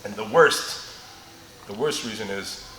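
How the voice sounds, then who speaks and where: This time the middle-aged seminar teacher sounds low-pitched and unhurried, still joking, laughing often and demonstrating moves between anecdotes. He's teaching live in a large training gym, and the recording picks up its echo, faint ambience and some background noise.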